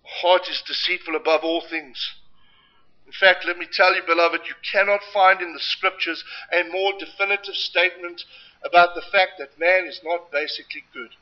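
A man preaching a sermon with impassioned, emphatic delivery and dramatic swings between loud and quiet. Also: sits high, steady tone, normal speed. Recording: dull lo-fi recording.

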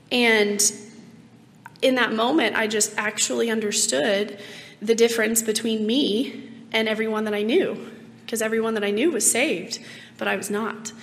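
A hoarse woman in her late twenties giving an earnest, reflective personal faith testimony, with many ums. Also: fairly high pitch, fairly bright tone. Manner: earnest and reflective, with frequent ums and light laughs. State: hoarse, rough-voiced. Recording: long reverb, faint background noise.

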